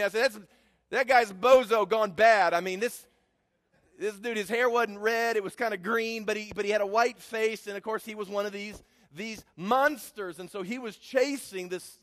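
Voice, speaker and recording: High-voiced man preaching in a hall. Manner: storytelling, rising to emphatic preaching. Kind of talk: sermon with a personal story.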